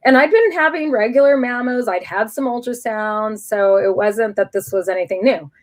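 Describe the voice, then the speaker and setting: A middle-aged woman, a guest in an interview, telling a personal story candidly and in an animated way, often restarting her sentences. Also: on the high side, moderate pace.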